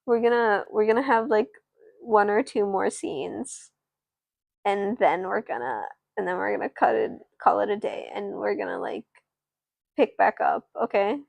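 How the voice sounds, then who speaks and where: A woman's voice: mid-range voice, measured pace, creaky, a little mellow, dry recording. A sleepy woman narrating a doll story on a live stream, rambling and chatting with viewers. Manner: rambling, with restarts and asides to viewers.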